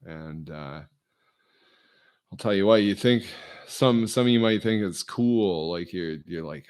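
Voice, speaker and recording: A man's voice: sits low, measured pace, a little mellow, clean tone. A middle-aged man talking alone to his vlog audience in a meandering, self-deprecating monologue full of fillers. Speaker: vlogger. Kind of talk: rambling solo monologue. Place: indoors, alone.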